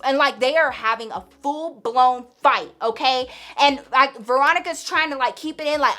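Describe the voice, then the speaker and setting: High, bright, animated woman gossiping. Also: moderate pace, hardly any pauses. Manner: animated gossipy retelling, acting out friends' lines; slangy, blunt, swears freely. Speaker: vlogger. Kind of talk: casual storytime.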